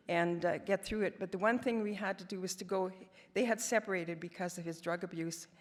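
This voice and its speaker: A woman in her seventies from Canada, giving a personal testimony as guest speaker, telling stories with wry, self-deprecating humor. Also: lowish voice. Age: 70s. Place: large hall. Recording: long hall reverb.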